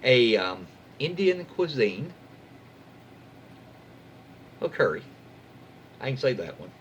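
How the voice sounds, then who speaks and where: A YouTube host reads Reddit stories slowly in an easygoing, chatty style, his pitch rising and dipping with a lively swing. He often interjects folksy, wry comments and self-censored jokes, with a faint hum in the background.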